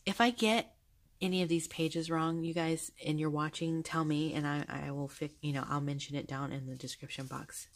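A woman vlogger chatting casually as she shows a journal, gushing and soft-spoken, with fillers and small laughs. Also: low-pitched, steady tone, normal speed. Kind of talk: casual chat. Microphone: handheld camera held close.

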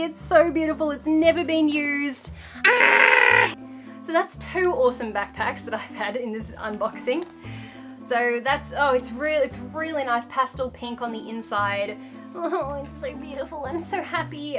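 Young woman, bright high voice, giddy unboxing vlogger, soft music under. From Australia. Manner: gushing, squealy excitement. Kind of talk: excited casual unboxing chat. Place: home room with a dog nearby.

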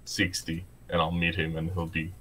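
Playful guy with a low-ish voice, Czech first language, laughing through easygoing chat. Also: monotone, moderate pace, sharp tone, poor audio. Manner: playful, laughs often, stumbles and restarts. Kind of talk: casual chat.

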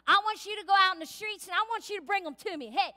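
Commanding male feast master voiced by a woman, urgent, bossy, slightly lower voice, church reverb. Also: racing, pushed and bright.

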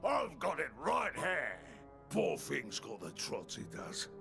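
A man voicing a disguised fixer who puts on a bossy English gentleman act in a video game, with a put-on English accent. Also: fairly high pitch, huge pitch swings, slow pace, over music, voice pushed up, full character voice. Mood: gruff. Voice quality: gravelly, bossy, barking orders. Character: disguised male fighter-fixer posing as a gruff English gent.

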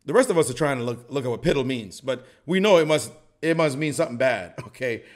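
A man's voice: mid-range voice, expressive, fast. A middle-aged man giving a playful, joking chess lesson, acting out the players' reactions as he goes. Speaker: chess commentator.

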